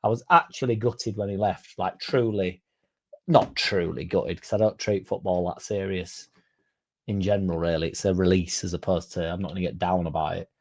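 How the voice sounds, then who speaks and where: Sweary man with a dark voice. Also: low-pitched, fairly even intonation, normal speed. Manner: sweary, rambling, chats to viewers by name. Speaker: fan channel livestream host. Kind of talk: casual livestream chat.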